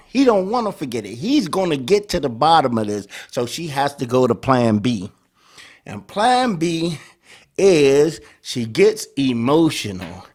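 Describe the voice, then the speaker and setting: Animated man host, lively pitch. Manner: animated, acts out dialogues. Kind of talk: casual commentary.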